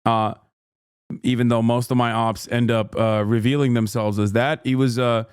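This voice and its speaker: A man's voice: medium pitch, little pitch movement, moderate pace, clear, resonant tone, dry recording, studio quality. A man streaming, ranting with heated, profane sarcasm while reacting to a clip.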